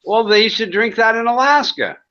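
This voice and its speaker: A man in casual chat, cracking deadpan jokes and tall tales. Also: extremely high pitch, brisk, highs cut off.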